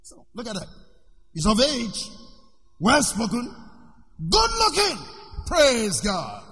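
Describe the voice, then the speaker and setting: High, bright-voiced preacher man. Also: huge pitch swings, takes it slowly, big-room sound. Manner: preaching with shouts and call-and-response. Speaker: pastor. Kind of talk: sermon.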